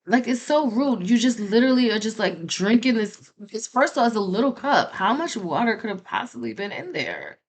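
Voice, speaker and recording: A young adult woman co-hosting a marriage podcast, talking in an expressive, playfully exasperated way. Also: a little high, a little fast, few pauses. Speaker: podcast co-host. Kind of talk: casual chat.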